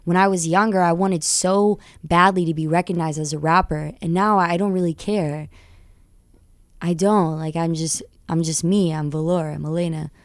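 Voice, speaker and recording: A young woman rapper, a guest on a radio show, tells her stories in an excitable, tumbling rush. Her voice sits low and carries a gravelly fry. The studio mic sound is dry and close. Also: normal speed, no echo. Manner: excitable, tumbling recounting with laughs. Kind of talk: animated storytelling interview.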